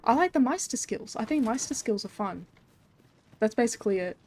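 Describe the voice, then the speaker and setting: A woman's voice: a little high, animated, fairly quick, darkish tone. A young Australian woman streaming a game, chatting casually with many fillers and frequent swearing. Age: young adult. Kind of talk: casual live-stream chat.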